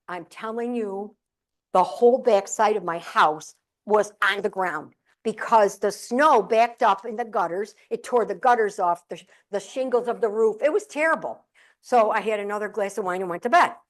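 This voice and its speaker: A middle-aged woman giving a humorous keynote talk at a live event. She tells stories animatedly and acts out the voices of family members. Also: a little high. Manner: animated, comic storytelling with acted-out quotes.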